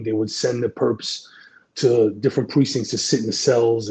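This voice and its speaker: A man's voice: medium pitch, mellow, poor audio. A man, a retired police detective telling rambling, profane, self-deprecating stories in a casual interview. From the Bronx, New York.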